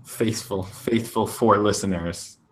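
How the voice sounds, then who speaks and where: A man hosts a casual podcast with deadpan, joking banter. His voice sits fairly low, and he keeps an easy conversational rhythm. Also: slow, crowd noise. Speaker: podcast host.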